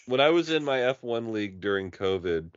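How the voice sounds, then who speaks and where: A man's voice: lowish voice, fairly quick, highs cut off, over a noisy crowd. A man co-hosting a casual podcast chat, telling stories with put-on mock accents. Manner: animated storyteller, puts on mock British and Aussie voices. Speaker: podcast co-host.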